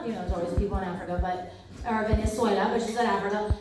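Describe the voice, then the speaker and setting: A young adult woman giving a lively storytelling talk, acting out the people in her stories and laughing often. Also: medium pitch, racing, a crowd in the background. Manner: animated, acts out quoted people, laughs often. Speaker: speaker at a campus ministry talk. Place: hall at a university ministry center. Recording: very echoey hall, mic far off.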